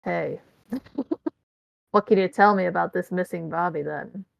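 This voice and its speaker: A woman voicing a Barbie doll pretending to be a charming Ken, laying on put-on smooth charm. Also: fairly high pitch, measured pace, voice pushed up, natural voice, low-quality recording. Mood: coaxing.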